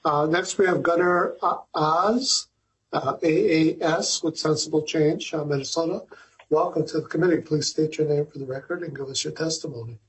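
A man's voice: fairly high pitch, normal speed, a bit bright, poor audio. A man chairing a committee hearing, who calls witnesses courteously with many hesitant fillers.

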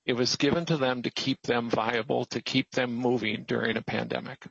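A man with a gravelly, husky voice makes an emphatic, pleading case before a committee. The sound is dry and muffled, like a lo-fi hearing feed. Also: medium pitch, steady tone, normal speed, dry recording. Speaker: testifier, business owner. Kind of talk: formal public testimony.

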